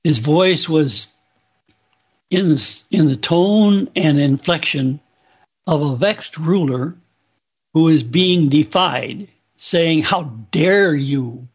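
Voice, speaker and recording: A man slowly and solemnly recounting a religious vision as testimony. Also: fairly high pitch, husky. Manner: slow, deliberate, solemn. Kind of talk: slow spoken testimony.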